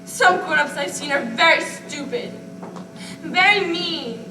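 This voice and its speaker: A woman playing a fragile, childlike grown daughter whose very high voice swings widely as she pleads and breaks. She is heard from far off in an echoey hall. A clear hiss sits under everything. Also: animated, a little slow. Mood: desperate. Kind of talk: amateur stage acting.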